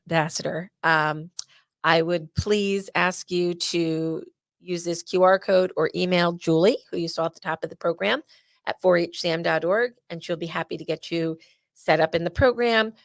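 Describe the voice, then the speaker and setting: A woman's voice: fairly low pitch, steady tone, normal speed, no room sound. A woman hosting a live awareness event, chatty and openly emotional as she presents. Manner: warm, emotional, chatty, uses y'all.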